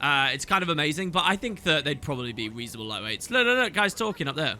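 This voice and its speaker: A man's voice: lively intonation, quick pace, noisy background. A man in his thirties narrating a video game playthrough, chatty and enthusiastic. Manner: enthusiastic, chatty, swoops in pitch. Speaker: let's play host. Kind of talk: game commentary.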